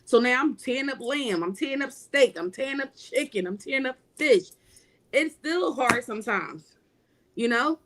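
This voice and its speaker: A woman's voice: high-pitched, expressive, normal speed, noisy background. Emphatic woman preaching in casual talk. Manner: emphatic, repetitive preaching cadence. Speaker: guest. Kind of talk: casual spiritual talk on a livestream panel.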